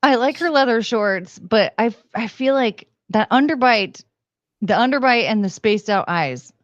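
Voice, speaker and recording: A woman's voice: a little high, expressive, normal speed, no echo, highs cut off. A woman co-hosting a casual reaction chat, blunt and frank, swearing freely. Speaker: co-host.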